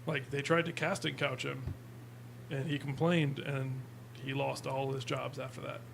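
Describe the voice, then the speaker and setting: A man's voice: mid-range voice, level tone, measured pace, gravelly, slight background noise. A man co-hosting a casual podcast, explaining things in a dry, matter-of-fact way. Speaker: podcast co-host. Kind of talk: casual chat.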